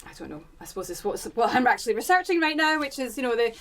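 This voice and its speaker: A woman's voice: fairly high pitch, big pitch swings, fast talker. A woman researcher speaking on a panel, thinking aloud and searching for her words. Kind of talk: reflective panel discussion.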